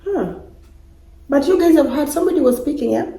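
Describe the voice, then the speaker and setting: In an echoey room with a bit of background noise, a young woman films a casual unboxing vlog of her gifts, gushing and saying things over and over with feeling. She sounds high-pitched, lively, slightly fast and mellow.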